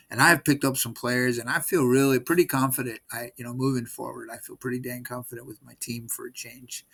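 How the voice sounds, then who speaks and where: A man's voice: mid-range voice, bright, forceful tone. A man in his sixties giving a rambling, exasperated recap of his team's game in casual vlog talk, often repeating himself. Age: 60s. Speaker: sports fan vlogger.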